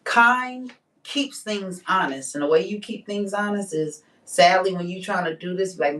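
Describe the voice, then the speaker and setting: A vlogger delivers a candid, emphatic personal monologue in a casual style, using plenty of slang and slowing down to drive her points home. Her mid-range, somewhat bright voice sits a bit back from the microphone with a touch of distance, and there's a little hiss or hum.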